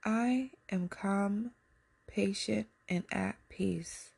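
Slow, husky-voiced woman podcast host. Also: medium pitch, fairly even intonation. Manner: slow, gentle, repeats each affirmation. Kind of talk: casual podcast chat leading spoken affirmations.

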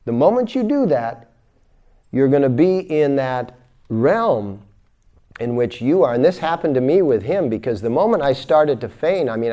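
Male spiritual teacher, lecture delivery, mid-range voice, dynamic storyteller with loud bursts. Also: mid-range voice. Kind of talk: recorded lecture.

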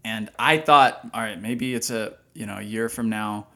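A man co-hosting a faith podcast, speaking in a reflective, conversational, measured way. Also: on the low side, vocal fry, bright, forceful tone. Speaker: podcast co-host. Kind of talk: casual conversation.

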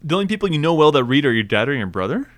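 Man, podcast co-host, casual chat, teasing and playful, pitch jumping around a lot. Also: big pitch swings. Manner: playful, teasing, quick to laugh.

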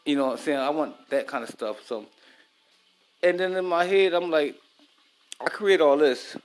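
A man's voice: fairly high pitch, normal speed. Married man, loose profane cooking-vlog chat aimed at the camera. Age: adult, married. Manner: loose, profane, talks straight to viewers. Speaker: vlogger. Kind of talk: casual chat while cooking.

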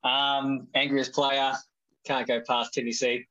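Podcast guest guy, lots of ums, mid pitch, teasing his mates a bit. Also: little pitch movement, takes it slowly, lo-fi sound. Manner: hesitant, many ums, gently teasing. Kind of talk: casual podcast chat.

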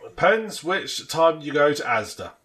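A man's voice: fairly high pitch, sing-song, a little slow, a bit bright. Rambling man telling stories. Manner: rambling, self-mocking storyteller. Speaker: podcast co-host. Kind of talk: casual banter.

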